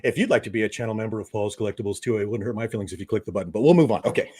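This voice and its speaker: A man hosting a live stream, loud and joking, laughing often. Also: on the low side, very fast, husky. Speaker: livestream host. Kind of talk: casual live stream chat.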